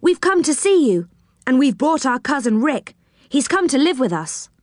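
A woman's voice: on the high side, animated, normal speed, dry recording, clean studio sound, pitched above the performer's own voice, lightly acted. A woman doing a helpful, knowing young boy. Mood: explaining. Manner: explaining, warning. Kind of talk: storybook reading.

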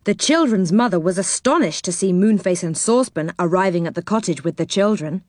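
A woman reading a children's story aloud in an expressive way. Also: on the low side, fairly quick, no room sound.

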